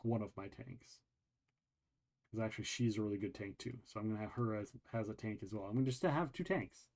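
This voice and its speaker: A man hosting a show, casually chatting while walking through a video game, rambling with many pauses and restarts. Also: lowish voice. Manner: rambling, relaxed, lots of ums and restarts. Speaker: show host. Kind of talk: casual game walkthrough chat.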